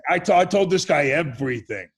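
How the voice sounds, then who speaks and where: A man chatting as an interview guest over a video call, telling stories with quick asides and restarts. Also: fairly high pitch, expressive, slightly rough. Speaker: interview guest, former reality show participant. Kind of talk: storytelling interview chat.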